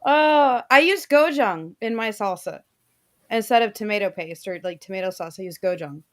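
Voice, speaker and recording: A woman's voice: medium pitch, lively intonation, moderate pace. Chatty, giggly woman. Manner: giggly, chatty, acts out quotes. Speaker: co-host. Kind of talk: casual chat.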